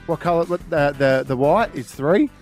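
A man's voice: a little high, expressive, normal speed, a little mellow, faint music behind. An Australian man co-hosting breakfast radio, telling jokes and teasing his co-hosts in casual banter. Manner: joking, teasing. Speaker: radio co-host.

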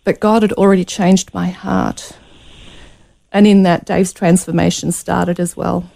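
A woman's voice: fairly low pitch, level tone, measured pace, vocal fry, dark tone. A woman telling a painful personal story as a radio interview guest, earnest and close to tears. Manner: earnest, emotional, near tears.

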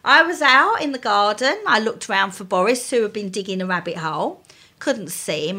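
A middle-aged woman, a co-host in casual chat, telling a lively story and acting out the voices in it. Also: medium pitch, brisk. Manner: animated storyteller, acts out quoted voices.

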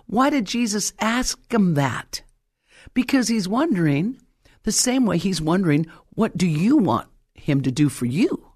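Dramatic preacher swinging from loud to whispered. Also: medium pitch, big pitch swings, measured pace. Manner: dramatic storytelling with rhetorical questions; reads scripture aloud, then breaks off to explain. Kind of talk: sermon.

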